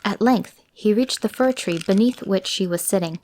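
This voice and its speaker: Woman storyteller, fairy-tale narration, gentle expressive reading, mid-pitched voice. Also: normal speed, a little hiss or hum.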